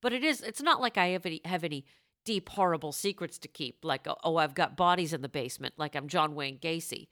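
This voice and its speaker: A woman co-hosting a podcast in casual comedic chat, quick with jokes and laughing often. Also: sits low, expressive, fairly bright tone. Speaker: podcast co-host.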